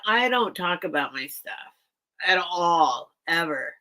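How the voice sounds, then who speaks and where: A woman's voice: deep voice, unhurried, pushed and bright, rough recording. A woman hosting a live vintage sale stream, chatting casually and emotionally with her viewers while tearful. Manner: rambling and emotional, talks straight to her viewers. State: teary.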